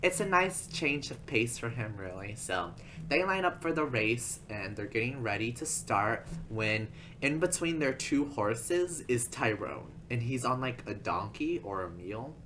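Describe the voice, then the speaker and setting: A man's voice: medium pitch, lively intonation, a little slow, a bit bright, slight background noise. A man narrating a casual video essay in a rambling, chatty way, full of asides.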